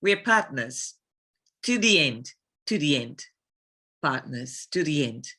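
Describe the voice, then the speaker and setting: A woman voicing an older African woman soldier in a deliberately over-the-top, low West African accent. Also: very animated, sharp tone, slightly rough, full character voice. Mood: dramatic. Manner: deliberately exaggerated heavy accent; low register.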